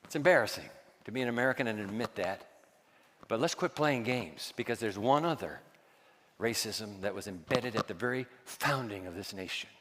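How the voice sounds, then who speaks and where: Animated preaching man in a reverberant hall. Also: fairly low pitch, normal speed. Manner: animated preaching, quizzes the congregation, drops to hushed asides. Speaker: pastor. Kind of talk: sermon.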